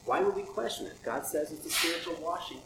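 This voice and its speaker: A man preaches a sermon conversationally, asking many rhetorical questions. His slightly high voice is expressive and fast, with vocal fry, and the room is echoey with audible background noise.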